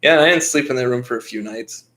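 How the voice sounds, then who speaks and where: A man's voice: mid-range voice, quick pace, sharp tone. A man in his twenties co-hosting a podcast, telling a story in a blunt, rambling, profane way. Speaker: podcast co-host. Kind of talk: casual storytelling chat.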